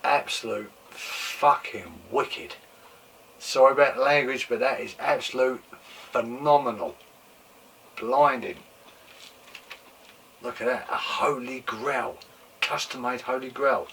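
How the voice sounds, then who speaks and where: A man hosting his own toy collecting show, chatting casually and excitedly, repeating exclamations, swearing freely and losing his voice a bit. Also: medium pitch, slow pace, long pauses, recorded from a distance. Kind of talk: casual show-and-tell chat. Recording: mic set back from speaker, faint room noise.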